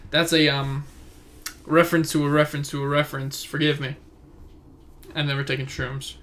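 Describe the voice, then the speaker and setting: Here the same young podcast host, in his twenties, talks alone from his room into a phone, drifting off topic as he rambles casually. His pitch is a little high and level, his pace normal, and his tone fairly bright.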